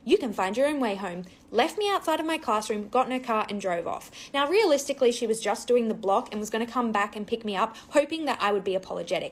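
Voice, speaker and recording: A young married woman telling a childhood story in a wry, matter-of-fact way. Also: a little high. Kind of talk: casual storytime.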